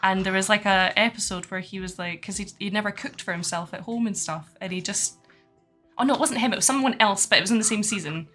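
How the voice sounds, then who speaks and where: Bright-voiced chatty Scottish woman. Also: medium pitch, fast talker, soft background music. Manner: chatty, rambling with many fillers, laughs often. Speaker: host. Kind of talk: casual livestream chat.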